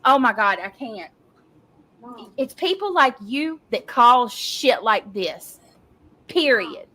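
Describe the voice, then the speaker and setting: A woman's voice: on the high side, sing-song, slow, bright, forceful tone. A woman on a livestream, ranting heatedly with profanity and stumbling restarts. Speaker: livestreamer in a played clip. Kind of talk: angry livestream rant.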